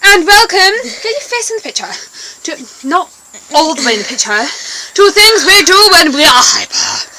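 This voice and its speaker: A woman's voice: very high-pitched, sing-song, normal speed, pushed and bright, slight background noise, poor audio. A woman chatting casually to camera as a vlogger, bossy and talkative toward her brother.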